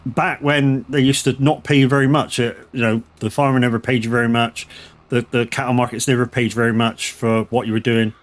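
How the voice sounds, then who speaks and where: A man's voice: mid-range voice, level tone, brisk. Swearing man streaming a game. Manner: rambling, swears freely, anecdotal. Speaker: gaming streamer. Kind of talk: casual chat while playing a farming game.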